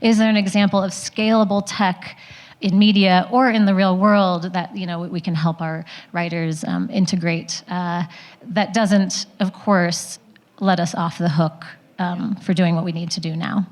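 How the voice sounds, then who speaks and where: A woman's voice: fairly low pitch, little pitch movement, measured pace. A woman in the audience asking a panel a question, hesitant and full of ums. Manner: hesitant, many ums and restarts. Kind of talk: question from the floor.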